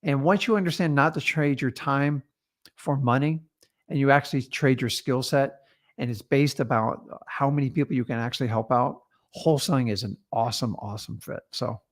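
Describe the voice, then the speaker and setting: A man's voice: medium pitch, a little fast. A man giving an emphatic, casual motivational talk as a wholesaling coach.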